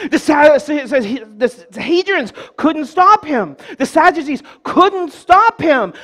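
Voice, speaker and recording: A male preacher with a strikingly high voice delivers a sermon in church. He leads the congregation in call-and-response and slips in playful joking asides between his points. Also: a bit bright.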